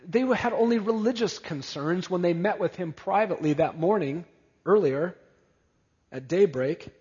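A man's voice: high voice, normal speed, a little mellow, slightly rough. A man preaching an expository sermon, emphatic, and building his points through repetition. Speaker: pastor. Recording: dull, echoey church hall.

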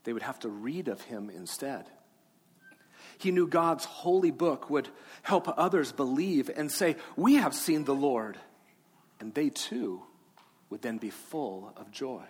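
Man preaching in a big echoey church, mid-pitched, gentle with the kids then earnest. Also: big pitch swings, a little slow, slightly rough. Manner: gentle, coaxing with children, then earnest and rising. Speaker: pastor. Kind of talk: Easter sermon with children's talk. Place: large church sanctuary. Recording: long hall reverb, faint room ambience.

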